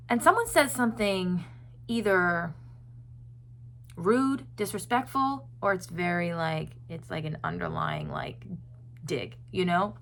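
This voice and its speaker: A woman's voice: fairly low pitch, a bit bright, a little hiss or hum. Woman host, casual chat to viewers, earnest and rambling, lots of filler words. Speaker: self-help video host.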